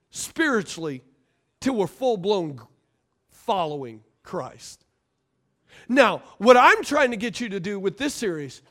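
Pastor guy, really high voice, preaching all animated, jumps loud when he acts out the story people. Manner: animated, acts out quoted characters with jumps in pitch and volume. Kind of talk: sermon.

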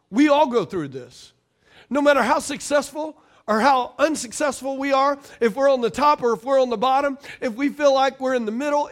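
A middle-aged pastor with a very high voice delivers a sermon, calling out to his congregation. His volume keeps shifting between loud and quiet.

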